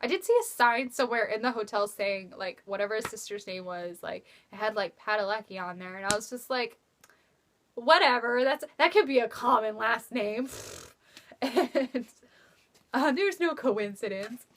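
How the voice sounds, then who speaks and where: A young woman telling a rambling story in a casual vlog, swearing freely and acting out quotes with sudden jumps in pitch. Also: lively intonation, normal speed. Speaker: vlogger.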